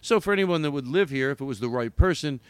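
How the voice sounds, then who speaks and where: Animated chatty man hosting a podcast. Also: medium pitch, quick pace, clear, resonant tone, dry recording. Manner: animated, rambling, with bursts of shouting for bits. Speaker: podcast host. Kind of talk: casual chat.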